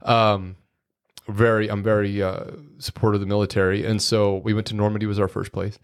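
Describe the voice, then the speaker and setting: Man, middle-aged, low voice, podcast guest, rambling folksy anecdotes. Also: little pitch movement, fairly quick, clean tone. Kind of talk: casual storytelling.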